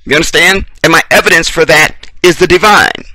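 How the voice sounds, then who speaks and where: A blunt American man delivers a heated, preachy monologue full of profanity, repeating short phrases for emphasis. His voice is bright and pointed. It is recorded close on a dry mic with no room sound. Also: a little high, fairly quick, no room sound. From United States. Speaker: video commentator. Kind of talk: impassioned commentary rant.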